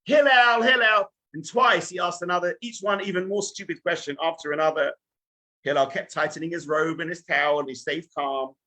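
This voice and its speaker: A man teaching as a rabbi in a lively sermon, telling stories and speaking straight to his listeners. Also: fairly high pitch, brisk. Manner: animated storytelling, addresses listeners directly.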